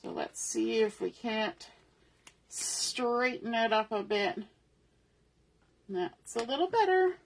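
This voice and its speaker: A woman's voice: fairly high pitch, very animated, slow, pauses often, slight background noise. A middle-aged woman hosting a papercraft tutorial, talking through each step aloud in a chatty way at her craft table. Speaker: papercraft host.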